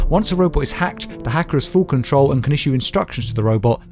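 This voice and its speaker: A British man co-hosts a casual comedy podcast, reading news items aloud. He hams up the reading with mock-dramatic flourishes and jokes along the way. His pitch sits in a middle range. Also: expressive, brisk, music in the background. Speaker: podcast co-host.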